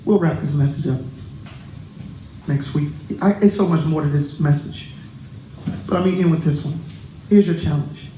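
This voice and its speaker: A pastor preaching a sermon to his congregation, animated and joking with them. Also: a little high, normal speed, pauses often, echoey room, slight background noise, poor audio. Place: church.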